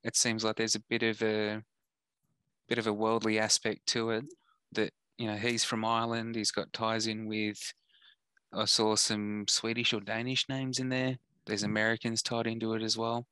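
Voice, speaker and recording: An Australian man co-hosting a podcast, offering measured, reasoned counterpoints about film trailers. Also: lowish voice, monotone, bright, forceful tone, clean tone, no echo. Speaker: podcast co-host. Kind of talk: casual chat reviewing film trailers.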